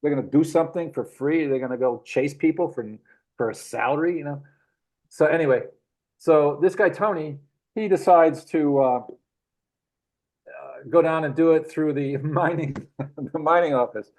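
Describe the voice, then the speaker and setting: A middle-aged man, the guest, telling rambling adventure anecdotes in a casual, animated way with frequent chuckles. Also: on the high side, normal speed, long pauses, low-quality recording. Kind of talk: casual storytelling.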